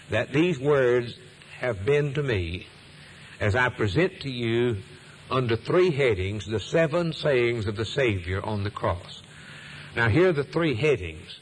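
A man preaching a sermon at an ordinary middle pitch, building his points through repetition and rising emphasis. A faint hiss of background noise sits under his voice. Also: poor audio. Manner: preaching with a swelling, emphatic cadence and repeated phrases.

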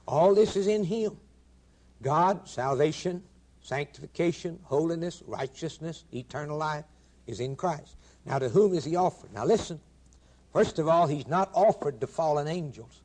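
A man's voice: on the high side, lively intonation, normal speed, a little mellow. Emphatic man preaching a sermon. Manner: earnest, emphatic, quoting scripture in old-fashioned wording; direct address to listeners with rhetorical questions.

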